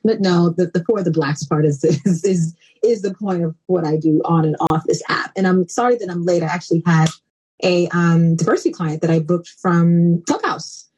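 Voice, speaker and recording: Brief: playful woman guest in her forties, husky, low-pitched, animated. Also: moderate pace, rough recording. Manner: playful, animated, jumps into high exclamations. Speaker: guest diversity consultant. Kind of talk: casual podcast chat. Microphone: call-in app.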